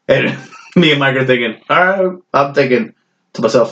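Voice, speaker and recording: A man's voice: mid-range voice, expressive, moderate pace, a bit bright, lo-fi sound. A man, a guest on a podcast, telling a funny story in casual chat, laughing and swearing as he goes. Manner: laughing, swearing, tells stories with voices for other people.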